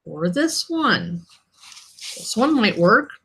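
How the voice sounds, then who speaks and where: A woman hosts her own live stream as an author, chatting casually from her desk mic. Her voice is bright and forward, and she sounds irritated and snarky while laughing things off. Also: mid-range voice, sing-song, slow, vocal fry, husky.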